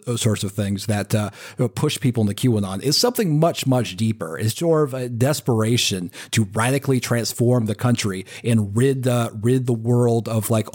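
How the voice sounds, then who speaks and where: A man of ordinary pitch talks as a guest on a casual podcast. He stumbles through his points with fillers and false starts. His delivery is loose and conversational. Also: darkish tone. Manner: halting, with many fillers and restarts. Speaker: podcast guest researching QAnon.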